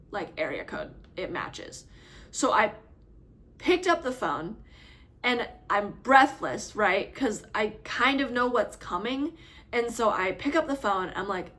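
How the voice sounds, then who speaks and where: Animated woman telling a personal story. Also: a little high, measured pace. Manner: animated, reenacts her own phone call with quoted voices. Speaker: vlogger. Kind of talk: casual storytelling to camera.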